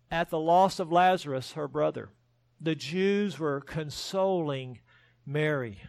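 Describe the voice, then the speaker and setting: High-voiced preaching man, dry close sound. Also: no echo. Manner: earnest preaching with rising emphasis and self-deprecating humor. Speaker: pastor. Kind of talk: sermon.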